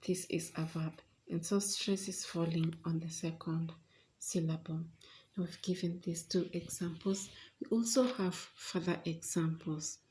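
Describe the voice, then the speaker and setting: A woman teaching an English pronunciation lesson, explaining deliberately with frequent pauses and fillers. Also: lowish voice, steady tone, a little mellow.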